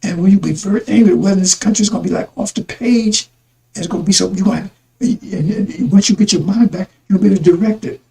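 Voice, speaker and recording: Guy with a dark mellow tone rambling on in a religious broadcast, keeps repeating himself. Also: high voice, quick pace, gravelly, rough recording. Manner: repetitive, addresses listeners as brothers and sisters.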